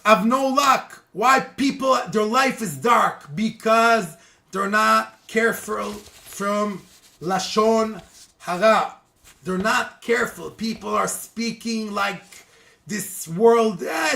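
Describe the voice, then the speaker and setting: An animated religious teacher tells a moral story, acting out each quoted line and calling the listeners guys. The speech halts and restarts, with words repeated. The voice is bright and sharp, and it swings widely up and down in pitch. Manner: lively, acts out quotes, keeps addressing listeners as guys.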